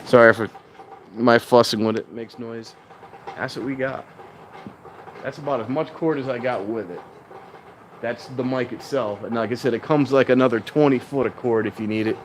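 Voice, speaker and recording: A mid-range male voice moves at a moderate pace and stops often. The speaker vlogs casually outside a train station in strong wind, wandering from point to point, correcting himself and occasionally raising his voice into a clip-on mic hooked to his handheld phone.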